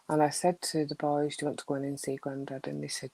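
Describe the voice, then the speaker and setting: A middle-aged woman, chatting casually and telling stories with animated, hushed asides. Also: deep voice, fast, gravelly, hardly any pauses, slight background noise, low-quality recording. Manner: animated storyteller, drops to a hushed voice. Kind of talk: casual chat, storytelling.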